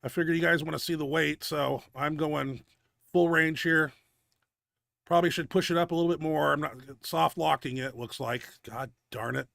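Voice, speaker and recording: Gravelly, winded lifting show host. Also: male voice, on the high side, fairly even intonation, normal speed, fairly bright tone, no room sound, clean studio sound. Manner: blunt, profane gym talk. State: winded and out of breath. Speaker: host of a powerlifting video show. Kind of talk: casual commentary over lifting videos.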